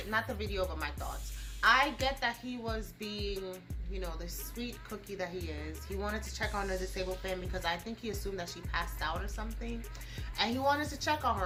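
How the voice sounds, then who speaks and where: A young woman vlogging casually while doing her makeup, blunt and profane, full of slang and "like". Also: medium pitch. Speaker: beauty and gossip vlogger.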